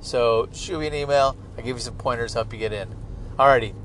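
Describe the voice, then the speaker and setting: A man's voice: medium pitch, a little fast, a bit bright. A middle-aged man hosting a podcast, talking in a casual, profane, joking ramble from inside a moving car. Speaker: podcast host. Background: car and traffic noise.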